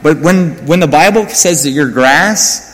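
A man's voice: a little high, a little slow, fairly bright tone. American man, pastor, casual self-mocking sermon, ringing church hall. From United States. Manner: conversational and self-mocking, with asides to the congregation. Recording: long hall reverb.

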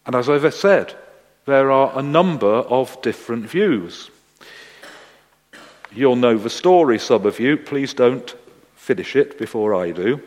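Man preaching, slow and deliberate, long hall echo. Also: mid-range voice. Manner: slow, deliberate delivery, animated voices in the story. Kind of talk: sermon with a told joke.

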